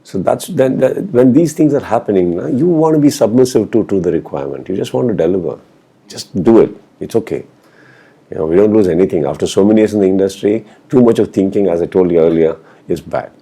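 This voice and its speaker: A man with a very deep, gravelly voice and a dark, mellow tone, answering an interviewer's questions. He tells stories from a film set and acts out the lines people said, dropping in Hindi phrases as he goes. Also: animated, fast. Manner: storytelling, acting out quoted exchanges, mixing in Hindi phrases. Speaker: actor being interviewed.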